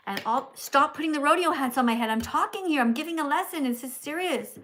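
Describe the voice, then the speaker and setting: A woman's voice: high voice, a little fast, a bit bright. A woman hosting a live stream, chatting casually and lecturing her viewers in a scolding, preachy way, often ending lines with "okay?". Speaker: livestream host. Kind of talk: casual livestream chat and lecturing.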